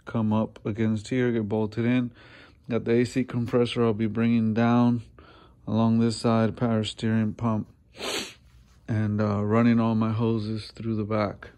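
A man's voice: fairly low pitch, monotone, unhurried, mellow. A man walking through an engine swap in a garage, talking casually with many ums and uhs. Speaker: mechanic showing an engine swap. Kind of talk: casual walkthrough narration. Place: garage workshop.

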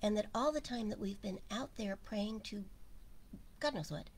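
A woman giving an informal spiritual talk, speaking slowly and musing aloud, often sinking to a near whisper. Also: medium pitch. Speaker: spiritual teacher.

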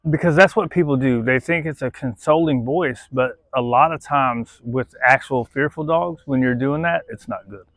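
A man's voice: moderate pace, hardly any pauses, a bit bright, no room sound. Blunt man with a dry close sound. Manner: blunt, tags sentences with "right?", swears freely; coaxes the dog in a much higher voice between explanations. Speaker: dog trainer. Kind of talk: casual on-the-spot training commentary. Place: outdoors at a playground jungle gym.

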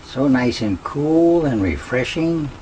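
A man's voice: medium pitch, animated, slow pace, background noise. A cheerful little cardinal, as a man puts her on. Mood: contented. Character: cheerful female cardinal bird cooling off.

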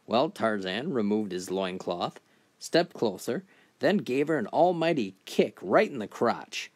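A man telling a string of crude jokes in a steady, scripted narration voice. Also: mid-range voice, a little slow. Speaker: joke teller.

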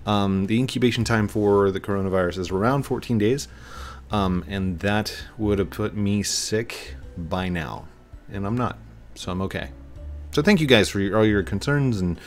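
A man with a country Missouri twang and a fairly low voice talks in a loose, rambling way as he plays a game on his channel. He pokes fun at himself and chuckles often, with soft game music playing faintly behind him. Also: normal speed. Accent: rural Missouri twang. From Missouri, USA. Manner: rambling, chatty, self-mocking, chuckles often. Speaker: gaming channel host. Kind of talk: casual gameplay commentary.

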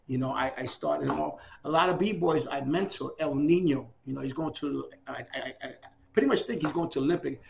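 A middle-aged man telling his story in a relaxed oral history interview. His voice is a little higher than most men's, with a gravelly fry. He is animated and slips into the voices of the people he quotes. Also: slight background noise. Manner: animated, acts out quoted dialogue.

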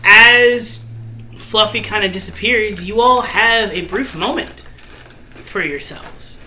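A man's voice: sits high, takes it slowly, sharp tone. A man narrating a tabletop game as game master, loose and rambling with many fillers. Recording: echoey room with faint noise.

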